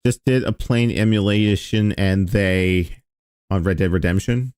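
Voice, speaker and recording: A man's voice: low-pitched, a little slow, darkish tone, smooth, no room sound, clean studio sound. A man streaming, reacting to an old video in a casual, sarcastic and profane way.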